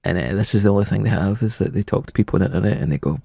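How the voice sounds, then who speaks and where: A man chatting on a comedy podcast, wry and questioning, with a lively manner. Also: lowish voice, rapid-fire, gravelly, slightly rough, no room sound, studio quality. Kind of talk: casual comedy podcast chat.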